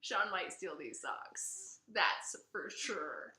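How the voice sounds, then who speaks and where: A woman co-hosting a casual podcast chat, gushing and excitable, laughing often. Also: lowish voice, extremely slow. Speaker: podcast co-host. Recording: echoey room.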